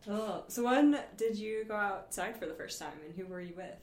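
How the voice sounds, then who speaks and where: Woman host, medium voice, quick friendly questions, echoey room. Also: medium pitch, darkish tone. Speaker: interviewer, podcast host. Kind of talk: casual interview questions.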